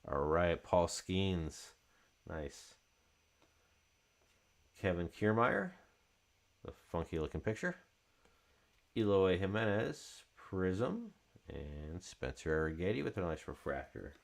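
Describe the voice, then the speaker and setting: Male card-break host, deep voice, laid-back slow delivery, chatty. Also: creaky. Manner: relaxed, chatty, calling out card names as he opens packs. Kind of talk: casual live card-break commentary.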